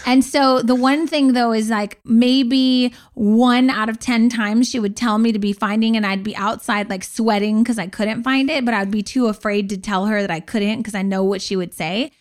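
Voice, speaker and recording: A woman's voice: a little high, steady tone, normal speed, hardly any pauses. A middle-aged woman co-hosting a podcast, telling family stories in a blunt, candid way with casual swearing. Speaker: podcast co-host. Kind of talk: casual chat.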